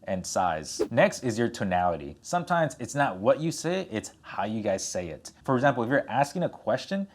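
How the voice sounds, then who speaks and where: A young man giving a direct-to-camera tutorial as a content coach, energetic and animated, gesturing with his hands and playing with his tone for emphasis. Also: medium pitch, moderate pace, few pauses.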